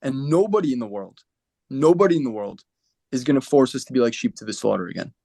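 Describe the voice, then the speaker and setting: A man's voice: medium pitch, lively intonation, fast talker, gravelly, mellow, husky, no room sound. A man speaking for a lone soldiers group in an impassioned talk over a video call, emphatic and defiant, repeating lines for force.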